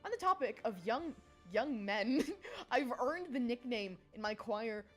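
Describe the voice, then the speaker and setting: A tired woman chatting casually to her stream, rambling and giggling, with sudden animated outbursts. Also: a little high, slow, faint music behind. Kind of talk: casual chat.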